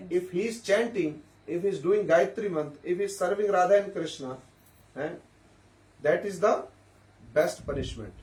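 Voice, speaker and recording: High-voiced man in an echoey room. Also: normal speed, a little mellow. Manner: repetitive, questioning listeners, storytelling. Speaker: speaker at a devotee gathering. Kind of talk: informal spiritual talk. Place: room at a devotee gathering. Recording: echoey room, mic at a distance.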